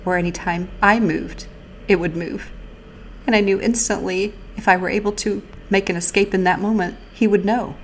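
A woman host recounting her own experience in the first person, earnest and halting, with pauses and restarts. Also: medium pitch, fairly even intonation, slight background noise. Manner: speaks of faith and prayer.

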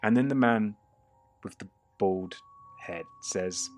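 A man narrating a tabletop game as game master, casual and prone to quick restarts. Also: lowish voice, darkish tone, soft background music.

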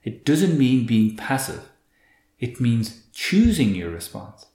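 A man, a guest expert explaining in an earnest, animated way, often restarting with repeated words. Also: mid-range voice, slow pace. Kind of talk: conversational explaining. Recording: roomy echo.

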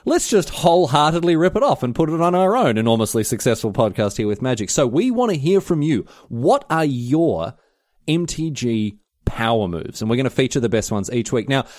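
A man's voice: mid-range voice, big pitch swings, a little mellow, no room sound, clean studio sound. A young Australian man with a city accent, co-hosting a podcast in casual, self-mocking chat. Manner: chatty, self-mocking, quick with asides. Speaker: podcast co-host.

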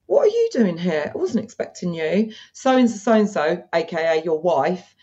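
A woman's voice: on the low side, huge pitch swings, normal speed, mellow, dull audio. A woman putting on a teasing, flirtatious voice, acting shocked at catching a man out and scolding him playfully. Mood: teasing, mock-shocked. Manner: breathy gasps, teasing scolding.

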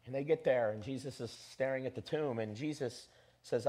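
A pastor preaching an animated sermon and leading his congregation in call-and-response. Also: fairly high pitch, fast talker, breathy edge.

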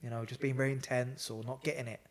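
A man, a psychotherapist guest telling a lively story in a casual interview. He swears and laughs as he talks. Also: medium pitch, quick pace.

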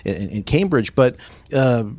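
A man's voice: mid-range voice, big pitch swings, measured pace, darkish tone, dry recording. A man from Massachusetts hosting an interview, joking and often restarting his words. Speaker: radio host. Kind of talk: casual interview chat.

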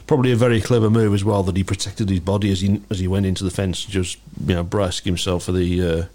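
Fast-talking, low-voiced British man. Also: fairly even intonation, warm tone. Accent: British English. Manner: quick, agreeable, chatty. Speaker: podcast co-host. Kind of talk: casual chat. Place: studio.

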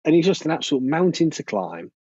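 A man, co-hosting a podcast and talking about football in a frustrated, halting way. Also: on the high side, big pitch swings, dark tone, breathy edge, no echo. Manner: frustrated, hesitant, repeats himself. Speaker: podcast co-host. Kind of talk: football fan chat. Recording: dull dry lo-fi podcast audio.

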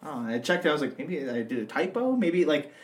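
This young man talks high and bright, his pitch leaping all over as he acts out every person in his stories. He chats in a loose, casual way, like a podcast co-host spinning a tale for a friend. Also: big pitch swings, quick pace, background noise. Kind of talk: casual storytelling chat.

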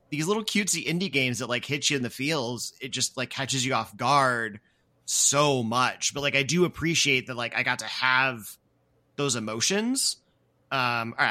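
A man's voice: medium pitch, normal speed, bright, forceful tone. A man hosting a podcast in casual chat, telling stories expressively. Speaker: podcast host.

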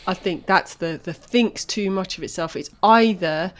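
A woman's voice: fairly low pitch, normal speed. A woman co-hosting a podcast in casual chat, opinionated and emphatic. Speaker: podcast co-host.

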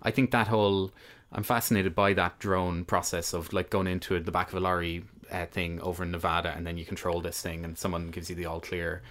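Deep-voiced man chatting about films. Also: fairly quick, hardly any pauses. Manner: chatty, wry, animated when riled. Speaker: film review podcast host. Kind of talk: casual chat.

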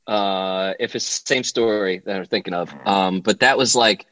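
A middle-aged man telling stories as a podcast guest, lively and chatty, acting out what people said in raised voices. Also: moderate pace, no echo. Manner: animated storyteller, acts out quotes in high voices. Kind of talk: casual storytelling chat.

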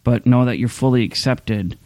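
A man's voice: medium pitch, moderate pace, dark tone, no echo. A man preaching a sermon in a candid, conversational way, often restarting his sentences. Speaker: pastor. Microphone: streaming camera mic.

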